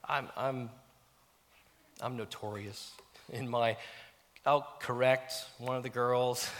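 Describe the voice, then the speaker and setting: A middle-aged man preaching a sermon as a pastor, animated and self-mocking, dropping to near-whispers at times. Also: mid-range voice, takes it slowly. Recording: long reverb of a church hall.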